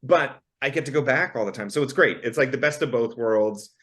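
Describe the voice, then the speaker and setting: Jokey Canadian actor guest, casual. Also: male voice, mid-range voice, brisk, a bit bright. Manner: jokey, self-deprecating. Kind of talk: casual chat.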